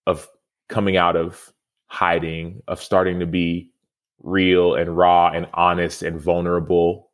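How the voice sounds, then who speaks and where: A man's voice: low voice, monotone, unhurried. A man in his thirties, a podcast guest and former football player, telling a personal story in an earnest, reflective way. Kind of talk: storytelling interview answer.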